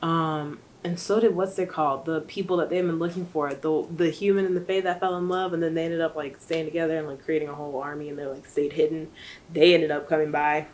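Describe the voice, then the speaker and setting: A woman's voice: low-pitched, fairly even intonation, brisk, darkish tone, slight background noise, poor audio. A young woman rambling through a casual book recap, full of fillers and asides. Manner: rambling, chatty, many fillers. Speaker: book vlogger.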